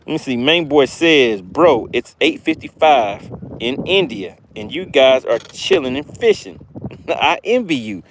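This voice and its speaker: A man's voice: mid-range voice, big pitch swings, a little slow, slight background noise. A man with a Southern accent hosting a fishing livestream, chatting upbeat with viewers and reading out their comments. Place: outdoors fishing.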